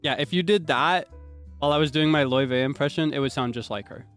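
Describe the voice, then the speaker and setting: A young man chats to his stream in a rambling, roundabout way, circling back with fillers as he explains. His voice sits a little high for a man, and soft instrumental music plays faintly underneath. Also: fairly quick, clean tone. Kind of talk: casual chat stream.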